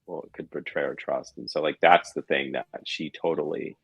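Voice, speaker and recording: A man with a low, husky voice chats casually as a podcast co-host, earnest and wordy as he loops back to his points. The sound is dry and close. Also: fairly even intonation, normal speed, dry recording. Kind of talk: casual TV recap chat.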